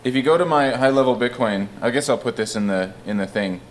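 A man's voice: mid-range voice, fast, a little hiss or hum. A man casually presenting at a developer meetup, rambling a bit with fillers.

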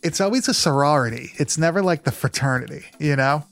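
A man hosting a casual podcast, jokey and quick to laugh. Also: on the high side, lively intonation, gravelly, fairly bright tone, faint music behind. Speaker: podcast host.

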